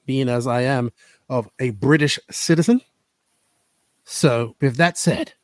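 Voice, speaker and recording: A man's voice: mid-range voice, slow, pauses often, dry recording. A man hosting a casual podcast from a camper set up as a makeshift studio, talking in a joking, playful way. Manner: joking, playful, mock-solemn. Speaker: podcast host.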